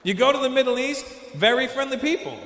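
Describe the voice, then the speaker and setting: In a big comedy club, a stand-up comedian with a very high, expressive voice talks quickly into a handheld mic, chatting with the crowd and jumping into goofy character voices. His tone is fairly bright, the hall rings with long reverb, and a faint hiss or hum sits under the recording.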